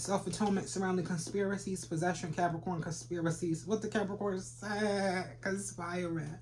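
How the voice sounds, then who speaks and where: A tarot reader talks over an audible layer of background noise and clicks. The delivery is loose and profane, full of trash talk aimed straight at viewers. The voice sits at a middle pitch. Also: steady tone, normal speed, few pauses. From Philadelphia. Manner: brash and profane, trash-talking with sudden laughs. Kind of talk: casual tarot reading for viewers.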